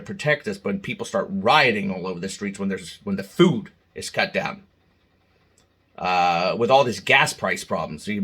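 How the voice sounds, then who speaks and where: A man delivers a heated, emotional monologue to his viewers, stumbling over restarts and jumping into loud outbursts. His voice is bright and forceful, with a husky edge to it. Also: on the low side. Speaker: channel host. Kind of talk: opinion monologue to camera.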